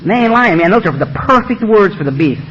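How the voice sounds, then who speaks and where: A man's voice: high-pitched, animated, quick pace, fairly bright tone, breathy edge. A man giving a blunt, streetwise personal testimony at a recovery meeting in a meeting room. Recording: dull lo-fi recording.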